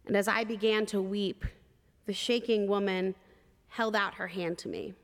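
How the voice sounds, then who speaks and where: Woman preacher in an echoing hall. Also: medium pitch. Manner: measured, expressive storytelling with vivid detail. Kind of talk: sermon storytelling.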